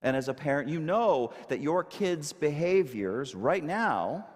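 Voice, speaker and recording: Animated preaching man in echoing hall. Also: fairly high pitch, unhurried. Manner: animated, emphatic preaching with rhetorical questions. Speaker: minister. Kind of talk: sermon. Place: church sanctuary. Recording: long hall reverb.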